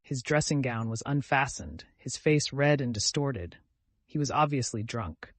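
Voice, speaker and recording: Male audiobook narrator, mid pitch, measured, dry booth. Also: dry recording. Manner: steady, measured storytelling. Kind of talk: scripted narration.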